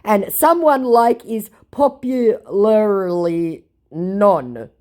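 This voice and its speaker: Huffy teen scammer boy in broken English, as a woman puts him on, high and jumpy. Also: lively intonation, dark tone. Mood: stumbling. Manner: halting, repetitive, indignant. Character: teenage male scammer, broken English, defensive.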